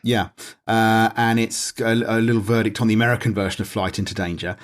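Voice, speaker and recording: A British man talks quickly and casually, wandering through long anecdotes. He trips over his words often and stops to read from his notes. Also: on the low side, fairly even intonation. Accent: British English. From Britain. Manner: rambling, digressive, reads aloud from notes. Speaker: podcast guest discussing documentary. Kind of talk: casual chat.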